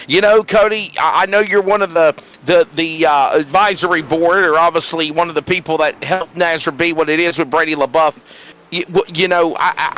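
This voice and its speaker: Brief: man, play-by-play caller for a sim race, bright and a touch high, eager, stumbling restarts. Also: poor audio. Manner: energetic, with frequent fillers and restarts. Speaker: play-by-play commentator. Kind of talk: sim racing commentary.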